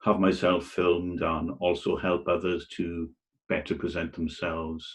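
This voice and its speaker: A man's voice: sits low, flat delivery, a little slow. A man who works as a senior lecturer, speaking hesitantly with fillers on a group video call. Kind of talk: casual group discussion.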